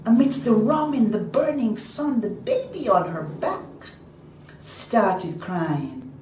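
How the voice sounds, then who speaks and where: A woman's voice: on the low side, expressive, takes it slowly, slight background noise. Theatrical woman storyteller, roomy and distant. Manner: theatrical, swings from whispers to loud cries. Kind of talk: dramatic live folk storytelling. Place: live performance venue. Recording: roomy live stage sound from far off.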